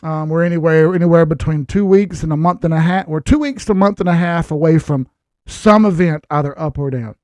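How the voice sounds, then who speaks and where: High-voiced man giving blunt market commentary. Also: a little fast, a little mellow, dry recording, studio quality. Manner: blunt, lecturing, sarcastic asides. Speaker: crypto chart analyst host.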